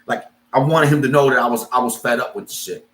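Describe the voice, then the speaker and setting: A man's voice: medium pitch, fast talker, fairly bright tone. A man telling a story in casual talk, acting out both sides with quoted voices. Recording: echoey room.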